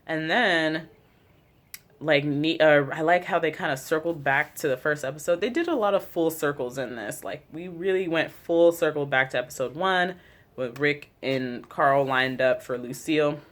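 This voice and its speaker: Profane, excitable fan recapping a show. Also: medium pitch, normal speed.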